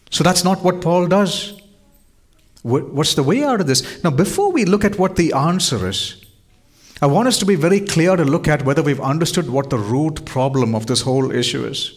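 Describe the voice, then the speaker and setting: A man preaches to his congregation, earnest and direct. He keeps posing rhetorical questions to his listeners. His voice sits a bit higher than most men's. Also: normal speed. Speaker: pastor. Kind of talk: sermon.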